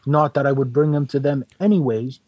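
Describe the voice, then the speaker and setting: A man's voice: medium pitch, a little fast, no room sound, dull audio, natural voice. A man playing an easygoing Santa Claus with a Boston accent, answering interview questions in an improvised comedic chat. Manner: easygoing, agreeable, short replies. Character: jolly male Santa Claus guest.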